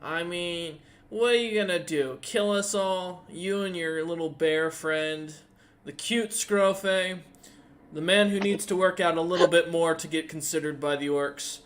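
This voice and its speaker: A man's voice: on the high side, unhurried, a bit bright, a little hiss or hum. A man voicing a brash, short female half-orc leader who mocks and teases in a tabletop game. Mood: mocking. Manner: mocking, teasing, boisterous.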